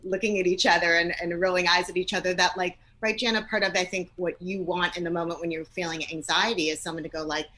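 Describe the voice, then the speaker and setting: A woman in her thirties giving parenting advice on a podcast, slipping into gentle, soothing phrases as she models what to say to a child. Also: lowish voice, steady tone, fast, few pauses, rough recording. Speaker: parenting expert guest.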